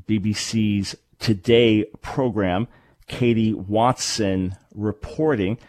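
This is a male talk radio host working a close studio microphone in a dry, dead room. His voice sits on the low side, and he talks emphatically as he explains, stopping now and then to correct himself. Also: darkish tone, no room sound.

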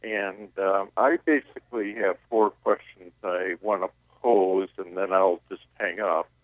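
A man's voice: low-pitched, fairly even intonation, a little slow, no room sound. A man calling into a radio show, speaking hesitantly with many fillers over the phone. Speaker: caller. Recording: tinny phone line.

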